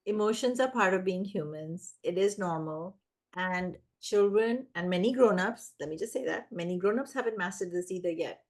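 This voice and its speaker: A woman giving parenting advice in casual conversation, animated and acting out the voices of children and parents. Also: lowish voice, moderate pace. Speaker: parenting guest expert.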